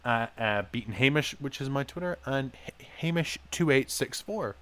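A man's voice: mid-range voice, expressive, moderate pace, a crowd in the background. A man co-hosting a podcast, chatting playfully with fillers and trailing asides. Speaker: podcast co-host. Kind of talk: casual chat.

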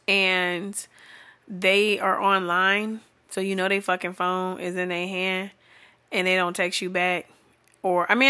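Woman, bright forceful voice, blunt profane rant, exasperated, laughing often, comedic monologue. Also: mid-range voice. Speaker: vlogger.

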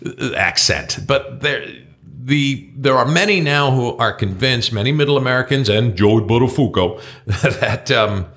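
Bright-voiced blunt man, talk co-host. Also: mid-range voice, animated, unhurried. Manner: blunt, swears, trails off into restarts. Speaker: podcast co-host. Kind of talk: casual political chat.

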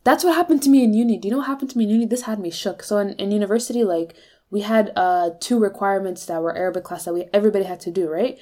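Fast-talking young woman telling stories. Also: medium pitch. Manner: animated storyteller, quick tangents. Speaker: podcast host. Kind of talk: casual podcast chat.

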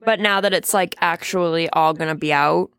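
An American woman co-hosting a casual chat about TV shows, enthusiastic and quick to chime in with agreement. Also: lowish voice, fairly bright tone, clean tone. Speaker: podcast co-host.

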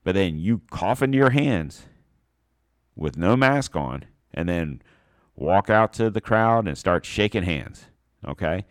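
A man's voice: low-pitched, expressive, a little slow, no echo, clean studio sound. A man ranting bluntly and profanely in a casual opinion monologue.

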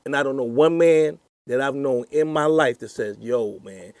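A man's voice: mid-range voice, moderate pace, no echo. A man in his fifties on a comedy panel, arguing emphatically, cutting in and acting out what others say. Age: 50s. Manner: animated, emphatic, interrupts to argue; acts out quoted voices. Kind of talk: casual panel chat.

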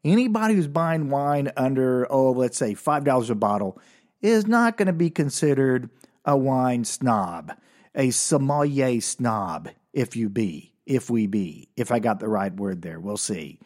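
A man's voice: mid-range voice, expressive, unhurried, darkish tone. A man hosting a casual comedic monologue, rambling and self-deprecating, with frequent restarts. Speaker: podcast host.

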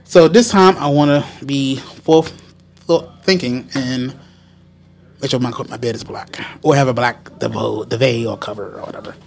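A man's voice: medium pitch, normal speed, creaky. A man, co-hosting a casual podcast chat, rambling with lots of fillers and casual swearing. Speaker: podcast co-host.

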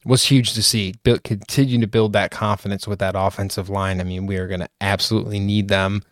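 Male co-host, low pitch, dry sound, loose and chatty. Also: dry recording. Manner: chatty, easily amused, repeats words. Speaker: podcast co-host. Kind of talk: casual sports podcast chat.

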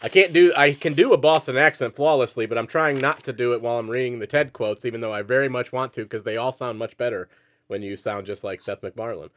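A man's voice: medium pitch, fast, a bit bright. A man hosting a comedy game segment on a podcast, playful and jokey, laughing often. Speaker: game show host.

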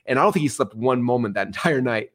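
A middle-aged man, a podcast guest, telling stories in a casual, animated way. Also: medium pitch, quick pace. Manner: animated, swings into excited outbursts. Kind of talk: casual storytelling.

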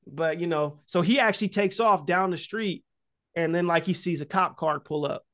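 A man's voice: high voice, moderate pace, a bit bright. A man hosting a podcast, casually and profanely retelling a horror film scene with lots of fillers and acted-out lines. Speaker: podcast host.

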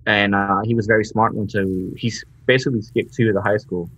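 A man's voice: lowish voice, steady tone, a little fast, a bit bright, slightly rough. A laid-back man co-hosting a podcast, slangy and casual, reading game listings. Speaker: podcast co-host. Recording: dull lo-fi recording.

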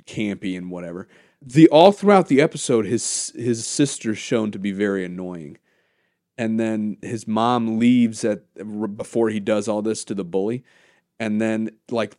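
A man co-hosting a casual podcast, retelling a story in an animated way, swearing and laughing easily. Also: lowish voice, no echo, studio quality. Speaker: podcast co-host. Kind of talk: casual chat.

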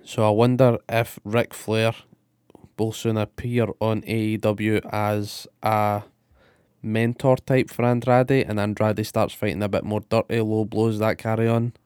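A man talks casually on a podcast, full of swearing and enthusiasm. His voice is low, smooth and resonant. The sound is dry and close. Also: little pitch movement, measured pace, a little mellow, dry recording. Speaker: podcast co-host. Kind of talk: casual wrestling podcast chat.

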